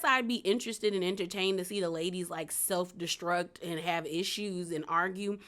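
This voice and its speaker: A woman's voice: on the low side, pushed and bright. Chatty woman recapping reality TV. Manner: chatty, slangy, many "like"s. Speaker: recap vlogger.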